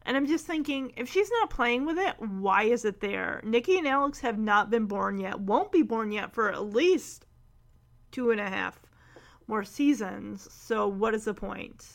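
A woman with a slightly high voice talks through a sitcom episode in a loose, chatty way. She wanders into side stories and corrects herself as she goes. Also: expressive, a little slow, creaky. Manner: rambling, self-correcting, many asides. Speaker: show recap host. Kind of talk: casual episode recap.

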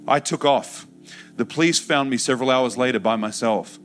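A man's voice: mid-range voice, moderate pace, faint music behind. A man giving an emotional personal testimony in a sermon, acting out the words he once said. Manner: emotional storytelling, acts out shouted childhood quotes.

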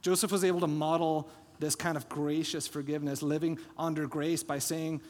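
A man with a slightly high voice preaches a sermon in a church, his words ringing with a long hall reverb. He retells the story with lively, acted-out quotes. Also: normal speed. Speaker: pastor. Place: church sanctuary.

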